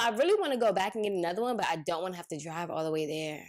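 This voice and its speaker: A young woman co-hosting a casual podcast, telling slangy, animated stories about her day. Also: on the low side, very fast. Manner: chatty storytelling, slangy, animated quoting. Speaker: podcast co-host. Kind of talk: casual chat.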